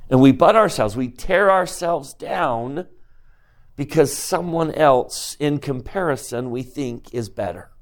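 A man teaching a scripture class who keeps asking the class questions, swinging between soft asides and emphatic rises. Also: medium pitch, expressive, unhurried. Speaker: religious teacher.

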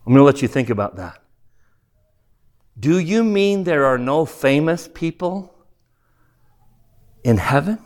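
Animated man leading a book discussion. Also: fairly high pitch, a little slow, pauses often. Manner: questioning, animated. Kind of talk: reading aloud and leading discussion.

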